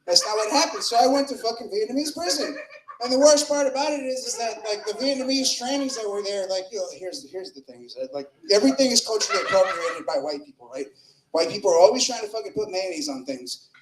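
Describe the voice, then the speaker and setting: A man's voice: high voice, expressive, fast talker. A man doing a crude, rambling open mic stand-up set in a comedy club, speaking into a stage mic with filler words and swings in volume. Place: comedy club with live audience. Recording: roomy club echo.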